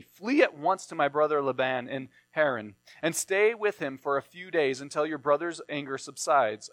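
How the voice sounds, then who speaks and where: A man's voice: on the high side, fairly bright tone, dry recording. Man reading scripture and preaching. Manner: reads scripture then explains it plainly. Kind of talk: Bible reading and sermon teaching.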